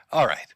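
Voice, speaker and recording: A man's voice: sharp tone, dry recording. A man hosting a live stream, giving mocking, profane commentary and laughing often. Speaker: livestream host.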